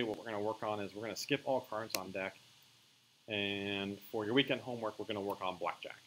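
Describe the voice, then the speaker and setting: A man teaching a coding class in a relaxed lecture, often checking with his students that they follow. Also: fairly low pitch, gravelly, a little hiss or hum, rough recording. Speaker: coding instructor.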